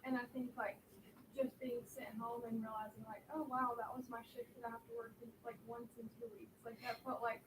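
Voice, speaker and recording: A high-voiced woman shares in a church group, emotional and close to tears, her talk halting and full of fillers. She sounds distant from the microphone, with clear background noise around her. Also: flat delivery, roomy sound. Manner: casual, halting, many fillers. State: tearful, emotional.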